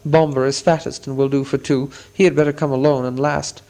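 A man reading a storybook aloud, voicing an old, courteous and wise male wizard who speaks in a measured, polite way. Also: medium pitch, flat delivery, dark tone, lightly acted, rough recording.

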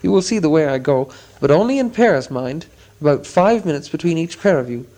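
Gandalf, an old and wise storybook wizard, courteous and measured as he talks, as a man reading aloud puts him on. The voice sits a bit higher than a usual man's. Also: expressive, warm tone, rough recording.

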